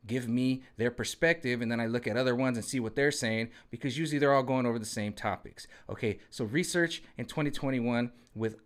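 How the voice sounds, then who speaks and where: A man's voice: medium pitch, brisk, few pauses. A man in his forties talking casually to camera in a rambling, conversational way, often checking in with his viewers. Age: 40s. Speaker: vlogger.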